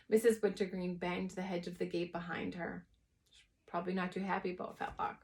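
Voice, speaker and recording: A woman teacher reading a chapter book aloud to young children, expressive and adding plain asides. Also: on the low side, brisk.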